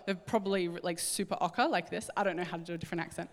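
A woman preaching a sermon, telling a Bible story in an animated way and acting out the voices. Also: lowish voice, rapid-fire, hardly any pauses. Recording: hall reverb.

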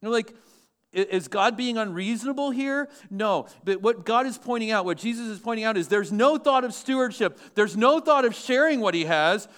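High-voiced man preaching a sermon. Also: normal speed, fairly bright tone. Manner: emphatic preaching, asks the congregation questions. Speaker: pastor.

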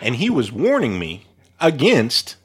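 A man's voice: medium pitch, huge pitch swings, a little slow, husky. A man joining a podcast as guest co-host, laid-back in casual chat with dry quips.

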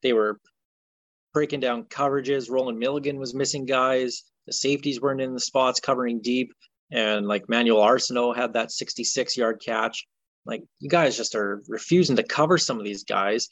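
A man's voice: medium pitch, moderate pace, fairly bright tone, no echo. A man co-hosting a podcast, ranting in exasperation about a football game in casual chat. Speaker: podcast co-host.

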